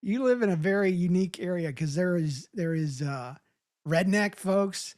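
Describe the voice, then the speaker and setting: A woman from St. Louis, co-hosting a podcast, telling stories in a lively, chatty way and acting out the voices of the people in them. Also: lowish voice, moderate pace. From St. Louis, USA. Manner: animated storyteller, acts out quoted voices, laughs easily. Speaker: podcast co-host. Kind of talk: casual storytelling chat.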